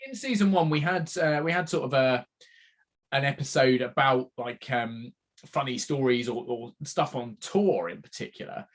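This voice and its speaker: A man's voice: medium pitch, normal speed. A man co-hosting a podcast, teasing and chatty, with many fillers. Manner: friendly, teasing, hesitant with fillers. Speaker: podcast co-host. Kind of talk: casual podcast chat.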